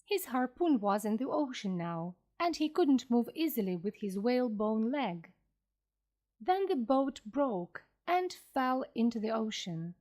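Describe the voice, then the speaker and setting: A woman narrating a classic sea story slowly and clearly for English learners. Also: fairly high pitch. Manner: clear, careful and expressive. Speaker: audiobook narrator.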